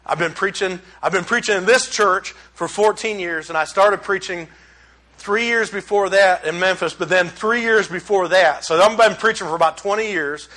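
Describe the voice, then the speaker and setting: A middle-aged man, pastor preaching a sermon in a church, animated and conversational with humor. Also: high-pitched, normal speed. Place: church sanctuary.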